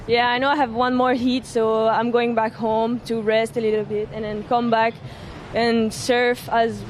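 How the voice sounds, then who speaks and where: A young female surfer from French Polynesia speaks with a French accent in a fairly high, flat voice. Her answers are short and halting, with faint outdoor noise around her. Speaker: pro surfer.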